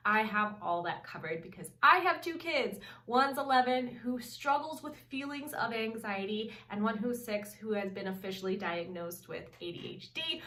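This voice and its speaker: A woman's voice: fairly high pitch, animated, moderate pace, hardly any pauses, pushed and bright. Earnest woman in her thirties coaching parents, casual and emphatic, recorded a little off-mic in a live room. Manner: earnest, repeats "really" for emphasis. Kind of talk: casual advice talk to camera. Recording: roomy sound, mic at a distance.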